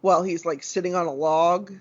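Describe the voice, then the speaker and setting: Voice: mid-range voice, steady tone, a little fast. A podcast co-host chatting casually and enthusiastically about a TV episode, swearing freely. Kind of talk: casual chat reviewing a TV episode. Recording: dull lo-fi recording.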